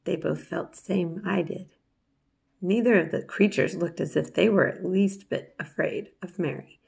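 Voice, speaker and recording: Lady reading a kids' book aloud, slow and steady, low creaky voice. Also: muffled recording. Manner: unhurried, steady storytelling with small slips. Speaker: storybook reader. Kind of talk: reading a children's novel aloud.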